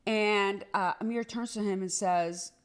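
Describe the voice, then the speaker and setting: Animated woman telling a personal story. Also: medium pitch, clear, resonant tone. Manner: animated, rushed, repeats herself with many "like"s. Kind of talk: casual storytime monologue.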